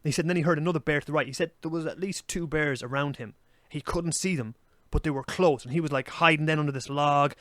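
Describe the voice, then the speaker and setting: Irish male podcast co-host, young, quick and animated, higher-pitched, swears a lot. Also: no room sound, clean studio sound. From Ireland. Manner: animated, swears freely, rapid. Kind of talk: casual storytelling chat.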